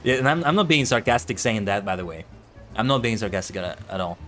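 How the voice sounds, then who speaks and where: A man's voice: fairly low pitch, expressive, moderate pace, pauses often, a bit bright, soft background music. Chatty man streaming a game. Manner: chatty, musing aloud. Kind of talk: casual commentary while gaming.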